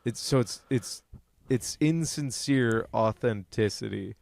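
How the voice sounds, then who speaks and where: A man's voice: mid-range voice, takes it slowly, gravelly, darkish tone, no echo. A man co-hosting a comedy podcast, trading profane jokes and laughing often in casual banter. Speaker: podcast co-host.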